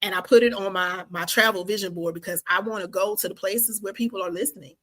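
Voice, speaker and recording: A woman's voice: medium pitch, moderate pace, long pauses, low-quality recording. A woman in her fifties hosting a faith-based podcast, talking enthusiastically and praying like a preacher. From Washington, D.C. and the Carolinas. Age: 50s. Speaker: podcast host. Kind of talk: podcast outro with prayer.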